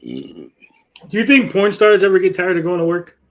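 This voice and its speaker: A man in his thirties hosts a loose after-show podcast, swearing freely and acting out quotes as he tells his stories. His voice sits a little high for a man. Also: wildly swooping pitch, normal speed. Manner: swearing, storytelling, acts out quotes. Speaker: podcast host. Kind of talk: casual crude banter.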